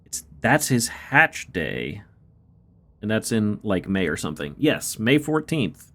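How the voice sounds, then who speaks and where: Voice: medium pitch, very animated, slow, bright, forceful tone. A streamer playing a game live, reading its dialogue aloud and chatting with viewers between lines. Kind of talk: casual live game commentary.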